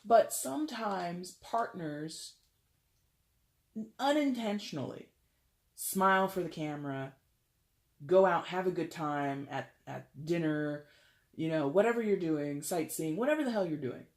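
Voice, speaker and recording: A tarot reader giving a casual, chatty reading, animated and jokey. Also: mid-range voice, a little slow.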